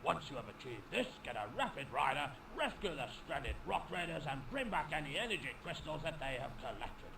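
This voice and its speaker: A man voicing a brisk male mission commander who briefs miners in a formal, instructive way. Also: a little high, big pitch swings, gravelly. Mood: briefing. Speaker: in-game mission announcer. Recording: distant, noisy game audio.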